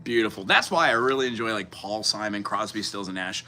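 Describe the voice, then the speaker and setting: A man live-streaming as a musician, chatting casually with viewers between songs in a rambling, quick-aside way. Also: on the low side, animated, pushed and bright, slight background noise. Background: guitar playing.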